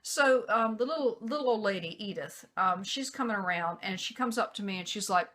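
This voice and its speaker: A woman's voice: mid-range voice, a little fast, few pauses. A woman vlogger telling a personal story in a casual way, acting out what other people said. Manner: animated, acts out quoted voices.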